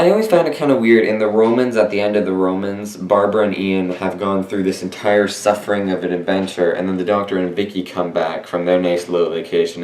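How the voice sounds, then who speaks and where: A young man giving a casual, rambling review monologue, often correcting himself and filling pauses as he talks. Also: low voice, darkish tone. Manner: rambling, self-correcting, many fillers. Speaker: video reviewer. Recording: roomy echo.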